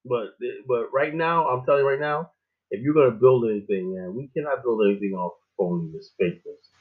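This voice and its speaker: A man's voice: medium pitch, a little fast. Man on a tinny phone line. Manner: rambling, animated storytelling with many fillers. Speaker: show host. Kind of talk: casual monologue.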